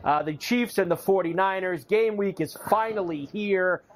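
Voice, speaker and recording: Male sports co-host, high voice, easygoing and filler-heavy delivery. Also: normal speed. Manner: relaxed, filler-heavy talk with frequent "uh". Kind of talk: casual sports talk.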